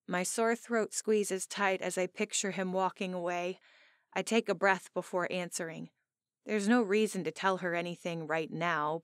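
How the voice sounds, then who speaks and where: A woman narrating a first-person romance audiobook in an expressive, emotional way, on a close studio mic. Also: lowish voice, normal speed, no room sound.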